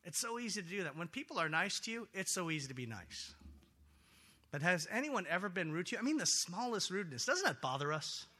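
Male pastor, high and very bright voice, lively sermon delivery that swings loud and soft. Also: fairly quick. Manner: animated, swings from loud excitement to quiet earnestness. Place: church sanctuary.

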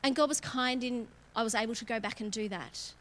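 A woman delivers a conversational church sermon in a bright, fairly high voice. She is candid and self-mocking and breaks into laughter often. Her tone moves between easy chat and earnest testimony. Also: brisk. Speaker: preacher. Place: church auditorium.

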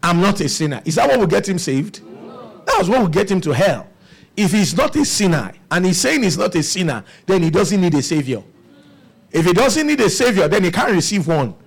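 A man's voice: sits high, big pitch swings, brisk, gravelly, breathy edge. A man preaching a sermon, asking the congregation rhetorical questions.

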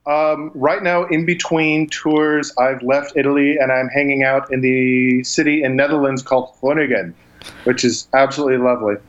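Man, mid-pitched, enthusiastic tour guide, dull lo-fi call audio. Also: steady tone, moderate pace. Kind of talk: casual interview. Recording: phone call.

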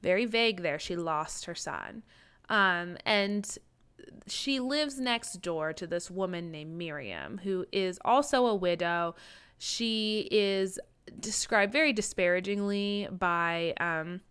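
A woman's voice: on the low side, animated, slow, a bit bright, smooth. A woman from Georgia in the US, casually summarizing a book's plot in a chatty podcast conversation and laughing often. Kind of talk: casual book discussion.

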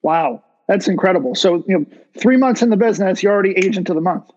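A man hosting an interview show, talking in a relaxed way with plenty of "you know" and "uh". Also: sits high, fast, highs cut off. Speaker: podcast host.

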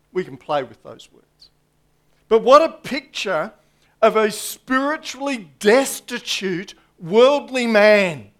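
A man delivers a sermon in a fairly high voice. He takes his time, weighing each phrase with long pauses, and often sinks to a hush at the end of a point. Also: expressive. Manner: slow, emphatic preaching with dramatic pauses and drops to a hush. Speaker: preacher.

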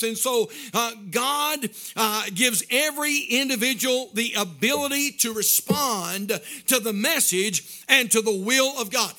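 A man preaching in a strikingly high, sharp and piercing voice. He rides a rhythmic, sing-song cadence that swells into shouts, then drops into chuckling, folksy asides to his congregation. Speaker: pastor. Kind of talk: sermon.

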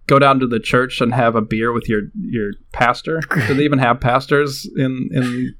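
A man's voice: mid-range voice, flat delivery, moderate pace, fairly bright tone. A man co-hosting a casual podcast, hesitant and filling his talk with likes and ums. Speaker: podcast co-host.

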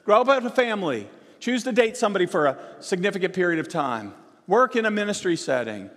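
A man with a high, light voice delivers a sermon as pastor. He swells on emphatic words, then falls back low and soft. His voice carries a long reverb from a large church hall. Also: very animated, fast talker. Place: church sanctuary.

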